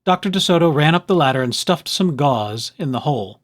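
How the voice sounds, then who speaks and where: A man reading a children's picture book aloud with expressive, animated storytelling. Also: on the high side, brisk.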